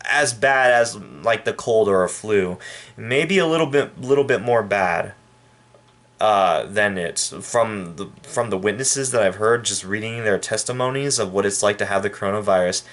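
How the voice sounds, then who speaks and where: A man from El Paso, Texas, giving a rambling, halting and indignant opinion rant to his viewers. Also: on the low side, fairly bright tone. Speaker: vlogger. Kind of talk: casual opinion rant to camera.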